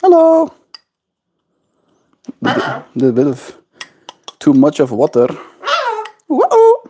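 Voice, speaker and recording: A man's voice: mid-range voice, steady tone, unhurried, background noise. A man streaming casual chat while cooing affectionate baby talk to his pet bird at home.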